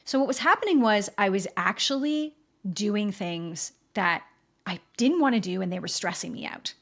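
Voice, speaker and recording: A woman's voice: mid-range voice, animated, moderate pace, fairly bright tone. A woman hosting her own podcast, talking candidly to listeners and often checking in with them. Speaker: podcast host. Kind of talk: candid solo podcast talk. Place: home in a rainy city.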